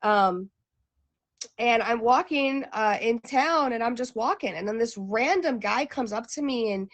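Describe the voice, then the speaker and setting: Chatty high-voiced woman telling a story. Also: lively intonation, a little slow. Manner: chatty, many fillers and restarts. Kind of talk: casual storytelling.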